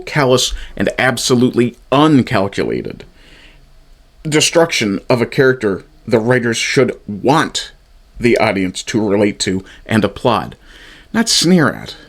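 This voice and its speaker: A man's voice: medium pitch, lively intonation, a little slow. A man in his fifties giving a sarcastic, exasperated review, swearing often as he rants. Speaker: TV show reviewer. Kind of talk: ranting review commentary.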